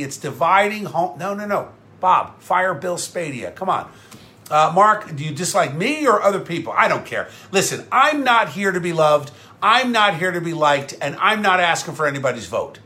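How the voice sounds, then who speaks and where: A combative talk show host from New with a high, bright voice. He rants sarcastically, repeats himself for punch and fires back at viewer comments. His delivery is blunt and restless. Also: lively intonation, moderate pace. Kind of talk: live-streamed talk show rant.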